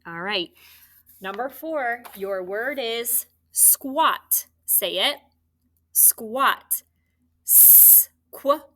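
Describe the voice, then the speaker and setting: Slow, bright-voiced woman teaching phonics. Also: a little high, animated. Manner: patient, encouraging, slow dictation. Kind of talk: recorded phonics lesson.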